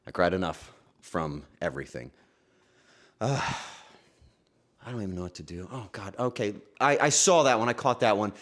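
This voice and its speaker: Emotional, lively-voiced male streamer. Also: lowish voice. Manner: emotional, halting, with restarts and sudden excited outbursts. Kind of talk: casual livestream chat to viewers. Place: home streaming setup.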